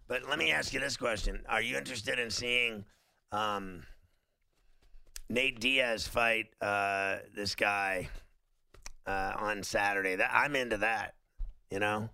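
Gravelly, bright-voiced sports radio host. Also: male voice, on the low side, slow, pauses often, dry recording. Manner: animated, rambling, lots of fillers. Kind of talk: casual sports talk.

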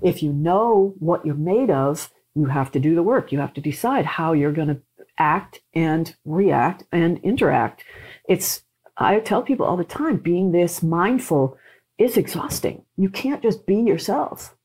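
Woman, low voice, expressive, passionate, casual podcast guest. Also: measured pace, breathy edge. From not from Texas, now living there. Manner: expressive, animated storyteller.

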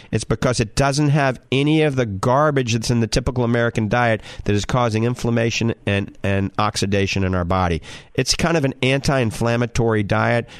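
A man's voice: mid-range voice, no room sound. Cajun new orleans guy hosting a call-in health show, keeps saying "all right?", dry close sound. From Louisiana. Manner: emphatic, instructive, repeats "all right?" and "okay?". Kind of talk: call-in radio advice.

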